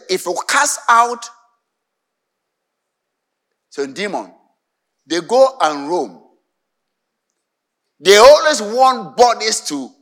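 A male pastor with a Ghanaian English accent delivers a sermon in a high, bright voice that leaps up and down in pitch. He speaks slowly and emphatically, often pausing to prompt the congregation to call back the missing word. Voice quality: emphatic, asks the congregation to fill in words.

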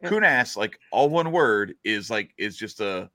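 A man's voice: lowish voice, animated, unhurried, fairly bright tone. A man from Louisiana with a Cajun accent, chatting casually and telling a long joke, rambling and correcting himself as he goes. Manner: rambling, self-interrupting, joking. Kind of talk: casual chat, storytelling.

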